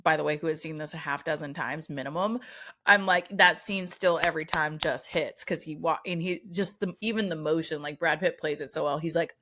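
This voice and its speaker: A woman co-hosting a podcast in casual chat, animated and swearing, acting out quotes from the film. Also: sits low, fairly quick. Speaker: podcast co-host.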